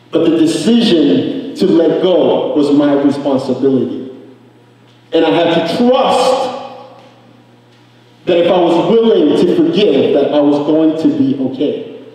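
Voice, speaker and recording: At an event, a young African man gives an emotional personal testimony, telling his story with earnest feeling. His voice is fairly high-pitched and mellow. The recording comes from far off in an echoey event hall.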